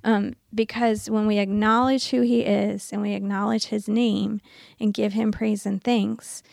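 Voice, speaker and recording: A female co-host with a fairly high, gravelly voice that stays flat in tone. She speaks earnestly and rambles, often restarting her sentences. The recording is dry and close. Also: no echo. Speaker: podcast co-host. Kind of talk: casual faith discussion.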